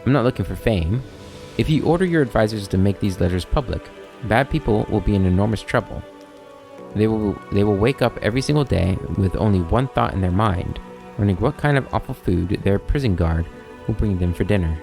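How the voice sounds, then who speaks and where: A man's voice: lowish voice, lively intonation, brisk, gravelly, music in the background. A man voicing a sly, talkative male kobold schemer with a wry, rambling, mock-innocent manner.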